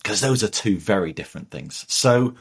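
A man from northern England, a podcast guest, talking in an animated, jokey way. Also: lowish voice, normal speed, slightly rough. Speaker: guest, business author. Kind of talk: podcast interview.

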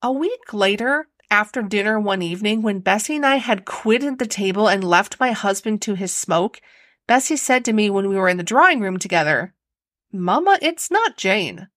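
A woman narrating a storybook reading with a bright, clear tone and lively pitch. She sounds measured and composed, recorded close and dry. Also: no echo.

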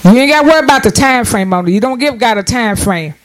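Very high-voiced man preaching a sermon. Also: fast talker, poor audio. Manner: animated preaching with call-and-response and frequent restarts.

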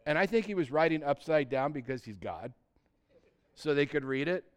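A man in his sixties preaching a sermon, animated and conversational, swinging between loud emphasis and hushed, quiet lines, and asking his congregation rhetorical questions. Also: on the high side, moderate pace, smooth. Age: 60s. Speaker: pastor.

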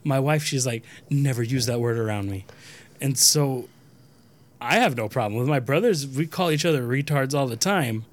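A man in casual podcast chat, making joking deadpan asides. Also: medium pitch, normal speed.

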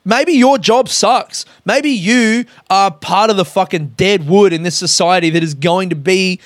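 A man's voice: sits high, measured pace, no echo. Profane man ranting, dry sound. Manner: profane, blunt, self-aware. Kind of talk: casual ranting monologue.

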